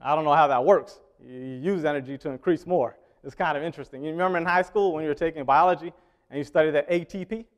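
A fast-talking preacher with a fairly high voice keeps his sermon conversational, often questioning the congregation and swinging between loud emphasis and soft asides. The recording's highs are cut off.

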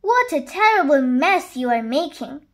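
A woman reading a children's story and voicing a fussy, kindly hen baby-sitter who scolds gently. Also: high-pitched, sing-song, a little slow. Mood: scolding.

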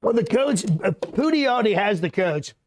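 A blustering older politician who brags, repeats himself and wanders off on tangents, his voice pitched up high, as a comedian puts him on. He rambles through a live mock press conference. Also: sing-song, normal speed. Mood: boastful. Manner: bragging, repetitive, rambling asides.

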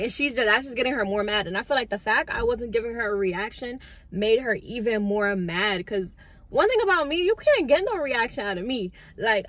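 A young adult woman and lash artist telling a storytime with a calm, chatty delivery full of "like". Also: on the high side. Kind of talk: casual storytime.

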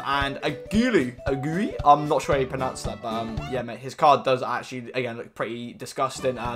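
A young man giving casual, excitable commentary on opening game packs, chatty and swearing freely. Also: fairly high pitch. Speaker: gaming YouTuber.

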